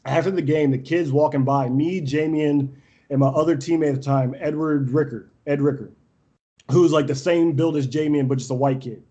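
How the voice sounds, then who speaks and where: Brash, higher-voiced man telling stories. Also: normal speed, lo-fi sound. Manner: brash, animated, laughs often. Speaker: podcast guest, volleyball coach. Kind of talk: casual storytelling interview.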